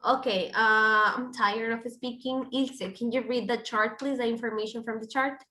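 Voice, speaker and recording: Bright-voiced woman teaching English grammar. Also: fairly high pitch, fairly even intonation, moderate pace, roomy sound, poor audio. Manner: explains step by step with examples. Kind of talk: online grammar lesson.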